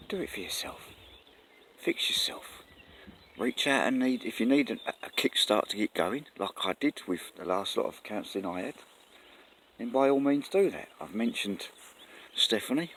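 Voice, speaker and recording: Out in the countryside, a vlogger speaks to camera in a lowish, slightly bright voice. He's casual and earnest, wandering off track and fixing his words as he goes. Birds and faint outdoor sounds can be heard.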